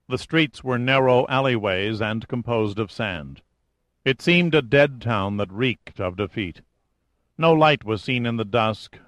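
A man narrating an adventure novel in a steady, measured storytelling voice. His pitch sits in an ordinary middle range, and the recording is dry and close with no room echo. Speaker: audiobook narrator. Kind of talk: scripted audiobook narration.

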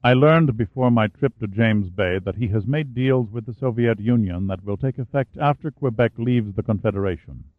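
A man voicing a grave French-Canadian prime minister who speaks calmly and measuredly. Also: fairly low pitch, no echo, lightly acted. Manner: calm, measured. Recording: phone-like narrow band, dry.

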